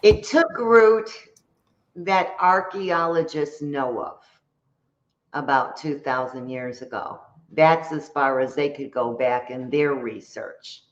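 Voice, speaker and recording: Woman, slow measured explainer with a lowish voice, roomy lo-fi remote sound. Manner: slow, deliberate explaining, repeats points for emphasis. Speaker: guest author and metaphysical practitioner. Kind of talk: explanatory interview talk.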